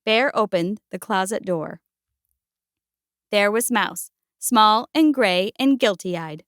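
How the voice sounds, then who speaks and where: A woman gently and expressively reading a picture book aloud. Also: medium pitch, slow, no echo, clean studio sound. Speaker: storyteller.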